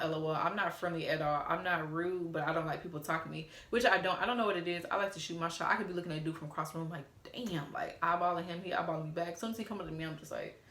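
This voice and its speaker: A young woman from Atlanta, telling a story casually and reading out text messages in an animated way. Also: fairly low pitch, roomy sound. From Atlanta, USA. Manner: animated, reads out texts in a playful drawl. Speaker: storytime vlogger.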